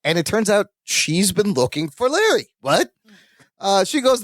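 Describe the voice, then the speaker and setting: An animated man co-hosting a podcast, retelling sitcom scenes with a lively, swooping delivery and frequent laughs. His voice sits a touch high for a man. It is recorded dry and close. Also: measured pace, no echo. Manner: animated storyteller, laughs often at the jokes. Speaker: podcast co-host. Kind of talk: casual episode recap chat.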